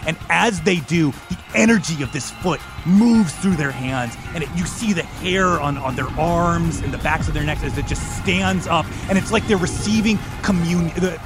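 A man runs a tabletop game, rambling through lush scene descriptions and often restarting his phrases. His voice is fairly high for a man. Music plays behind him. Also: normal speed, hardly any pauses. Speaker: game master.

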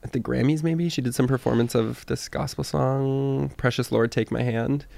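A man riffing in loose comedic podcast chat, piling up "like" and restarting his sentences as he gets worked up. His voice sits at an ordinary middle pitch. The sound is dry and close to the mic. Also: fairly even intonation, normal speed, gravelly, a little mellow, no room sound. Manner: chatty, full of "like" and restarts, gets emphatic. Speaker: podcast co-host.

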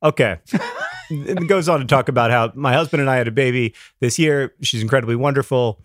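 A man's voice: mid-range voice, no echo, clean studio sound. Playful middle-aged man on a podcast. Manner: rambling, playful, quick to laugh. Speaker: podcast co-host. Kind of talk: casual chat.

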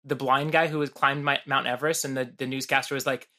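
A man's voice: mid-range voice, steady tone, fast, few pauses, bright, forceful tone. A man guesting on a podcast, chatting loosely with lots of fillers, restarts and laughs. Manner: rambling, many fillers and restarts, laughs often. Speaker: guest musician. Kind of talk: casual podcast chat.

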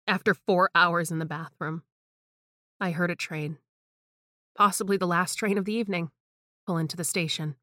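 A woman reading a scripted horror story in a hushed, tense way. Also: fairly low pitch, steady tone, moderate pace, pauses often, no room sound, clean studio sound. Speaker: narrator.

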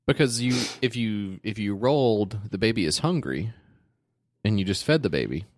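A man's voice: fairly low pitch, lively intonation, normal speed, no echo. A man co-hosting a comedy podcast in a studio, chatting casually in a dry, wry manner. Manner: dry, wry, reads items aloud. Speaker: podcast co-host. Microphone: close studio mic, headphones.

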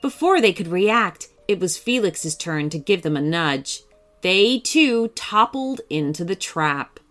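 A woman narrating a children's story in an expressive, animated way, with soft music behind. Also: on the low side, slow pace.

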